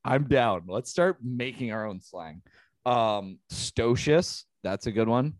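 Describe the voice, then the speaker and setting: A playful man in casual chat who acts out silly quotes, his pitch swinging widely up and down. His voice is mid-pitched and the sound is dry and close. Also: animated, slow pace, no room sound.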